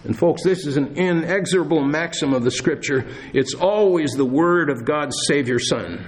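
Male pastor, earnest sermon delivery, slightly high voice, measured pauses. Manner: earnest preaching with dramatic pauses and slowed emphasis. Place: church.

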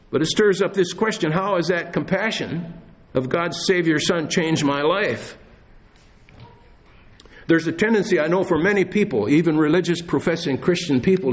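Earnest man preaching a sermon. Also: a little high. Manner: earnest preaching with dramatic pauses and slowed emphasis. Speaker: pastor. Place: church.

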